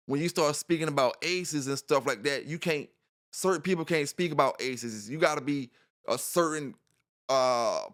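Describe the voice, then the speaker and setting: A man's voice: a little high, fairly bright tone. A man hosting a dog channel, talking casually in a rambling monologue, repeating himself and filling gaps with "you know".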